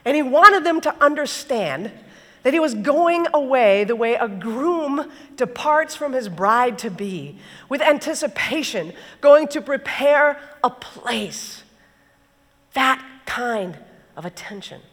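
Woman, sermon, animated storytelling, high bright voice, echoey hall. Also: slow. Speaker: preacher.

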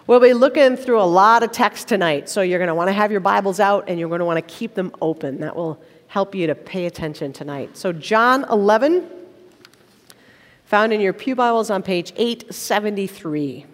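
A woman's voice: medium pitch, normal speed. A woman preaching a sermon in a church, praying and reading scripture with conversational, playful asides. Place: church sanctuary. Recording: long reverb of a large church.

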